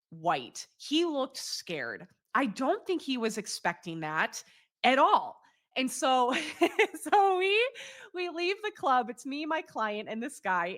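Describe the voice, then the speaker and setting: Woman, 30s, host, bright and forceful voice, candid storyteller who laughs easily. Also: fairly high pitch. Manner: lively, candid, laughs often, swears freely. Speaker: podcast host. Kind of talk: casual storytelling monologue.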